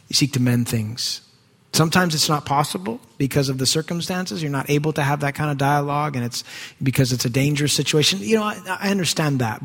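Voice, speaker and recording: A male pastor preaching a sermon in a church, conversational, swinging from quiet asides to raised emphasis. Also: fairly high pitch, husky. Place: church sanctuary. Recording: long hall reverb.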